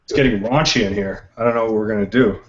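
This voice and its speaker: A man's voice: fairly low pitch, fairly even intonation, fast, a little hiss or hum. A man hosting an online group chat who explains things at length in an articulate, conversational way. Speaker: host of an online discussion group. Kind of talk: casual group video chat. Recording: dull lo-fi web call audio.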